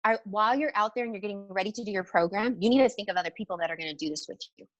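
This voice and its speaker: A woman health coach giving energetic, emphatic tips on a training call. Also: medium pitch, rapid-fire, dry recording, highs cut off.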